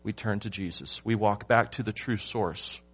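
A man preaching a sermon to his church, asking rhetorical questions and swinging from loud emphasis to hushed lines. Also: fairly low pitch, moderate pace, husky. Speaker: pastor.

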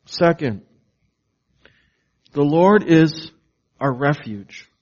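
A man preaching a sermon, slow and emphatic, asking the congregation questions and waiting for answers. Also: fairly high pitch, lively intonation, darkish tone, muffled recording. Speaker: pastor.

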